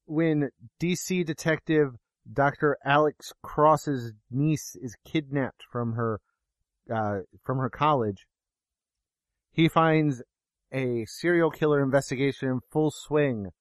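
A man's voice: mid-range voice, no echo. Dry-sounding man in casual film chat. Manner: jokey, rambling, self-deprecating. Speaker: podcast co-host reviewing films.

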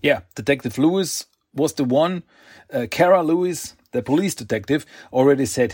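A man's voice: mid-range voice, moderate pace, a little mellow, breathy edge, dry recording, studio quality. A man casually recapping a comic book story, rambling along with restarts, second-guessing himself and chuckling.

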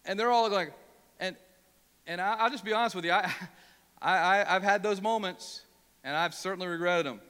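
A man's voice: high voice, moderate pace, long pauses, sharp tone, smooth, long reverb tail. A male pastor from Ohio preaching a sermon, emphatic and prone to repeating words when worked up.

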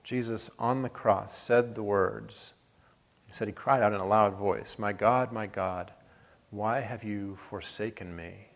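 A man preaching a sermon as pastor, earnest, building to emphatic peaks and then dropping soft. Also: on the low side, fairly even intonation, unhurried, creaky. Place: church sanctuary.

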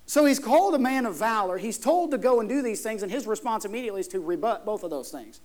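A man's voice: very high-pitched, animated, fairly quick, a little mellow. A man preaching a sermon in a conversational, emphatic way, putting questions to his congregation. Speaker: pastor.

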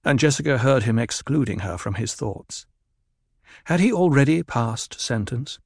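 A man narrating a novel in a calm, measured voice. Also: medium pitch, vocal fry, slightly rough, no room sound, clean studio sound. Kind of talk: audiobook narration.

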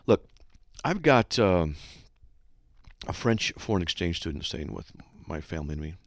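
A man's voice: sits low, sing-song, normal speed, no echo, studio quality. A man hosting a Christian call-in radio show, telling a story in an earnest, exhorting way.

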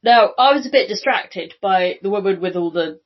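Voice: mid-range voice, expressive, moderate pace. A co-host on a casual film podcast who recaps the plot and asks easygoing questions. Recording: dull home recording.

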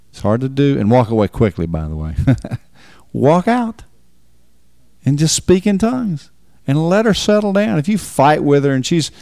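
A man's voice: medium pitch, darkish tone, clean tone, no echo, clean studio sound. A man preaching on marriage in a folksy, emphatic way, repeating words for stress. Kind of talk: sermon.

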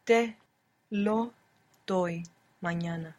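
Woman learner, super slow, thinking out loud before each answer. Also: fairly low pitch. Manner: slow and tentative, working answers out aloud. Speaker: language learner. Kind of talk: answering in a language lesson.

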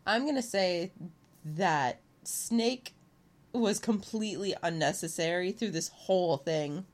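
A woman's voice: on the low side, takes it slowly. A woman co-hosting a casual movie commentary chat, ranting profanely and sounding exasperated.

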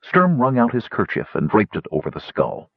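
A male narrator tells an adventure tale in a low, husky voice that rises and falls with lively inflection. The recording is dry and close, though a little dull and lo-fi. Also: normal speed, no room sound. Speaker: audiobook narrator. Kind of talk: scripted fantasy narration.

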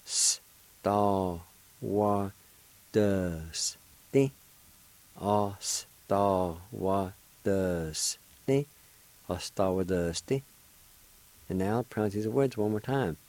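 A man leads a radio language lesson, spelling each word and sounding it out one syllable at a time. His voice sits low and warm, and the sound is close and dry with no room around it. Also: no room sound, rough recording. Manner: spells and pronounces words syllable by syllable, patient drilling. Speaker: radio host teaching a language.

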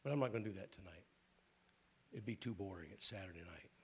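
A middle-aged man preaching an informal Pentecostal sermon in a church, hoarse and raspy, often clearing his throat, with folksy jokes to the congregation. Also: low-pitched, fast talker, a little hiss or hum. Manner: folksy, joking asides to the congregation.

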